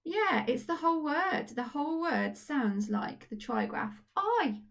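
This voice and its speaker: A woman's voice: high-pitched, sing-song, a little slow, vocal fry, fairly bright tone. A woman teacher giving a recorded phonics lesson to young children, upbeat and encouraging. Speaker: primary school teacher. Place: at home.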